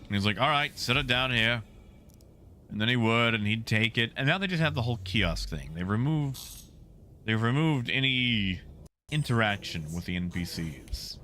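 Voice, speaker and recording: A man talks his way through a gaming session in a relaxed, unhurried way, his voice bright and forward. His pitch swoops a lot as he teases and repeats himself playfully. A faint background hiss sits under the voice. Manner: chatty, talking to fellow players and chat; teasing, playful sing-song repetition. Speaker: game streamer. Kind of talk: casual gameplay commentary.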